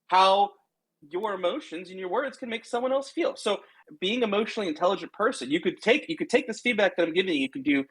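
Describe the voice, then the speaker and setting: A man with a husky, fairly high voice and a throat tickle that makes him sound slightly nasal. He co-hosts a casual podcast, defending himself and lecturing in a bickering chat. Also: animated, quick pace, a bit bright, rough recording. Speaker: podcast co-host. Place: remote call, own room.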